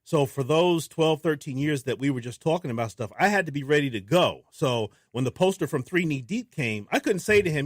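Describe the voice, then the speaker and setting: A man, a filmmaker guest on a radio show, talking in a casual, animated way and acting out what people said to him. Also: fairly high pitch, a little fast, few pauses, dry recording, studio quality. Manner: animated storyteller who acts out quotes. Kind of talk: casual interview talk. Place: radio studio.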